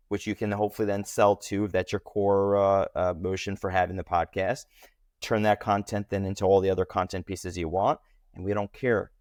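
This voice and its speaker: A man speaking as a podcast guest in a casual interview, talking animatedly with lively jumps in pitch. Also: dry recording, clean studio sound.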